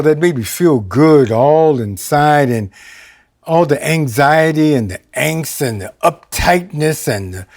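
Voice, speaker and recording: A male minister with a fairly high-pitched voice preaches a sermon built around a personal story, swinging between loud exclamations and quiet asides.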